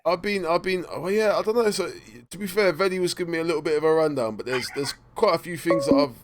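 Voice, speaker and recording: A man's voice: a little high, fast, background noise. Slangy young man hosting. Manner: slangy, swears a lot, laughs often, rambling. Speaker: live stream host. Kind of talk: casual banter on a live call-in stream.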